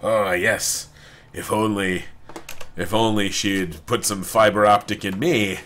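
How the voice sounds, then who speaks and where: A man's voice: lowish voice, fairly even intonation, slow pace, fairly bright tone, slight background noise. A man putting on the voice of a lovestruck, prim male robot butler, in a mock-posh, swooning way.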